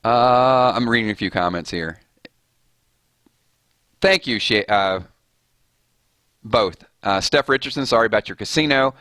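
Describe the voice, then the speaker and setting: A man's voice: mid-range voice, unhurried, long pauses, sharp tone, no room sound. A man streaming a mobile game, chatting casually with his viewers in a fired-up, rambling way and laughing often. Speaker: gaming streamer. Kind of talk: casual live-stream chat.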